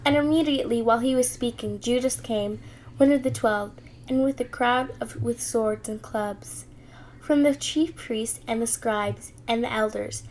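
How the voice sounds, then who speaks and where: A woman reading scripture aloud in an earnest, steady way, with small restarts. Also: a little high, moderate pace, slight background noise, poor audio. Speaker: Bible reader.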